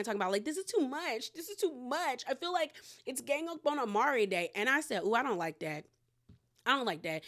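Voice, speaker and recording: A woman casually recapping a reality TV episode, retelling scenes in a chatty, animated way. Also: mid-range voice.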